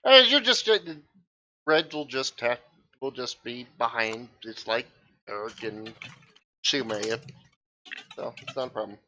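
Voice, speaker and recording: A man's voice: mid-range voice, lively intonation, unhurried, pauses often, sharp tone, muffled recording, slight background noise. A man in charge as game master, chatting casually and rambling with restarts during an online session.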